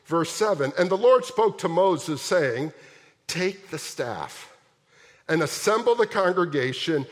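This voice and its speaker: A man preaching a sermon as pastor, telling the story in a lively way and asking his congregation question after question. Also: on the high side. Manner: animated storytelling with rhetorical questions. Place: large church sanctuary. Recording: long hall reverb.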